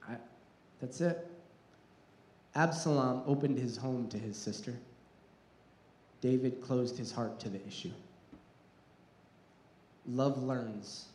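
A man's voice: medium pitch, darkish tone, a little hiss or hum. Earnest male preacher in an echoey hall. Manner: earnest, repeats words when restarting, rises in intensity. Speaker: pastor. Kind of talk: sermon.

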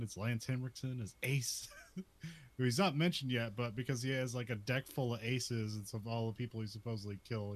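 A man chats through a movie plot in a loose, casual way, laughing often as he goes. His pitch sits right in the middle for a man, and his talk is full of filler words. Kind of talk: casual chat recapping a movie.

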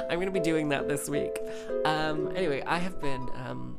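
A woman's voice: sits low, moderate pace, vocal fry, over loud music. A woman hosting a podcast, giving a casual, rambling movie review with sarcastic, self-deprecating humor and lots of filler words. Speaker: podcast host.

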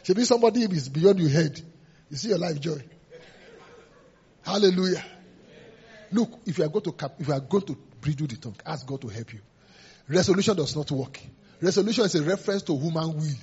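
A man's voice: on the high side, lively intonation, brisk, long pauses, a little mellow, breathy edge. A man preaching a sermon as pastor, emphatic and repetitive, sometimes laughing and acting out voices. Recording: dull lo-fi sermon recording.

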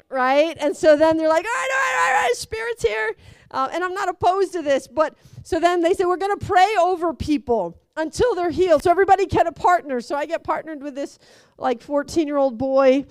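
A woman's voice: high voice, no room sound. A young woman animatedly telling a personal story, acting out voices and laughing along. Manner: lively, acts out quoted voices, laughs through it.

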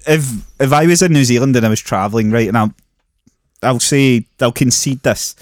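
A man's voice: mid-range voice, moderate pace, no room sound, clean studio sound. A man co-hosting a casual podcast chat, wry and teasing, with plenty of swearing. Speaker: podcast co-host.

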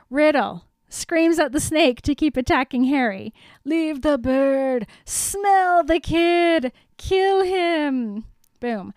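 A woman's voice: high-pitched, no room sound. A young woman, retelling a story as a podcast co-host in a giggly, playful way. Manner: giggly, playful, animated retelling with silly voices. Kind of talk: casual chat.

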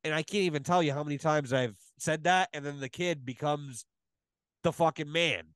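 Podcast guest, male, slightly high voice, dry close sound, swears constantly and tells stories with emphasis. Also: normal speed, fairly bright tone, smooth, no echo. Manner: profane, emphatic storytelling. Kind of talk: casual podcast chat.

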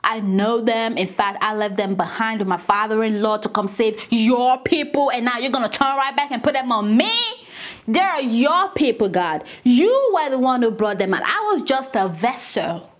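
Exasperated male Moses, as a woman puts him on, indignant, conversational, high pitch, animated. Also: moderate pace, close to an everyday voice.

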